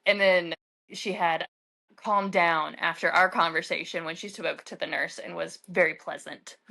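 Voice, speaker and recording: A woman co-hosting a casual podcast, telling animated stories full of "like" fillers. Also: on the low side, unhurried, vocal fry. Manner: animated storyteller, heavy use of "like". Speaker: podcast co-host. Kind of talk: casual chat.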